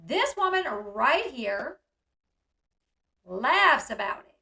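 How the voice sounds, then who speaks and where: A woman hosting casual commentary on a video, talking in an animated way and acting out the yelling she describes. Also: sits high, very slow, creaky, roomy sound. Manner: animated, reacts loudly, acts out quoted yelling. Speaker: commentary host.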